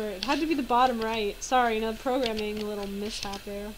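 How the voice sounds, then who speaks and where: Woman, casual game playthrough, giggly, swears, self-mocking, slightly high voice, faint background noise. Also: steady tone, a little fast, hardly any pauses. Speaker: game streamer.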